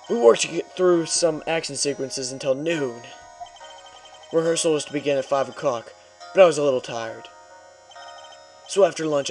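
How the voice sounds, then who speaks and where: A man voicing a soft-spoken, nervous young male actor in a video game read-through. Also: mid-range voice, close to an everyday voice.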